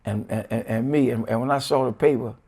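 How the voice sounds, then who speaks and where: Middle-aged man, Washington DC accent, quick and husky, animated storyteller. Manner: animated, acts out quoted voices at a higher pitch, many repeated words. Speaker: guest. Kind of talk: casual storytelling.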